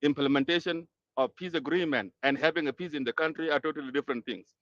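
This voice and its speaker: A man from Sudan, moderating an online audio-room discussion in a measured, hesitant way with many pauses and fillers. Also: on the high side, fairly bright tone, no echo, muffled recording. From South Sudan.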